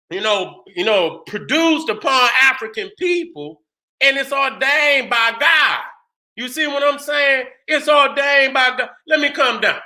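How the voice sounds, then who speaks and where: High, bright-voiced man preaching hard. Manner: emphatic and profane, often rising to shouts; keeps asking "you understand what I'm saying". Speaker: channel host. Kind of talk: impassioned commentary monologue.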